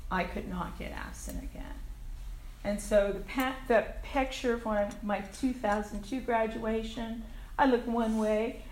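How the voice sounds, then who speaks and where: Older lady sharing at a recovery meeting, blunt, swears a lot, kinda high voice, echoey room. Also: a little hiss or hum. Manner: candid and frank, swears casually, laughs at herself. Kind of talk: personal recovery share. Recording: echoey room with faint ambience.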